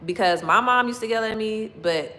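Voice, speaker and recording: A woman's voice: a little high, normal speed, pushed and bright, poor audio. A woman chatting casually with her viewers from her home kitchen, laughing often and acting out quotes as she talks. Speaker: livestream host chatting with viewers. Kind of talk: casual chat.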